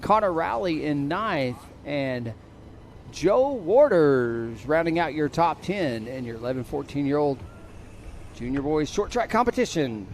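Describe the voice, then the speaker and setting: Man, race announcer, lively delivery, slightly high voice, outdoor event, faint background noise. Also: a little slow. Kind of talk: live race announcing over a PA. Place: outdoors at a bike race venue.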